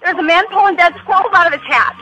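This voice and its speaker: A woman's voice: very high-pitched, fast talker, bright, forceful tone, soft background music, low-quality recording. A woman playing a paranoid woman caller in a comedy sketch, talking in an alarmed, indignant way.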